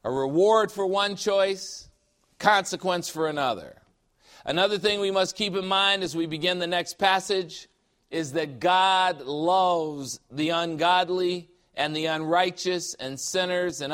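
A man delivers a sermon in a voice that sits high for a man. He preaches forcefully and with emphasis, firing off rhetorical questions and mimicking skeptics with scorn.

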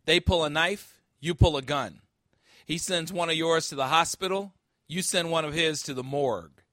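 A man voicing a blunt, menacing older Irish-American police officer, delivering the lines with forceful emphasis. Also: a little high, expressive, measured pace, dry recording, studio quality.

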